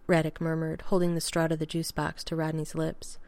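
A woman reading a story aloud in a gentle, even narrating voice. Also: low voice, moderate pace, creaky, hardly any pauses, smooth, no room sound. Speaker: reader. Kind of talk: fan fiction audiobook narration.

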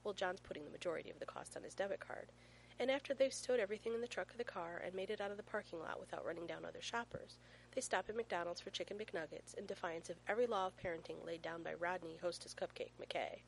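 Woman, storytelling narration, expressive, playful, lower pitch. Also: quick pace, gravelly, slight background noise, rough recording. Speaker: reader.

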